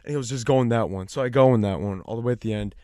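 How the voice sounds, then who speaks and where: Young adult male podcast co-host, casual storyteller, mid-pitched, loose, filler-heavy, swears freely, dry close sound. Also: very fast, darkish tone, no echo.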